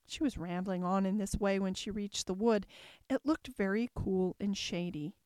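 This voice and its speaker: A woman narrating a classic storybook in a calm, even storytelling manner. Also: medium pitch, normal speed, no room sound, clean studio sound. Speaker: audiobook narrator.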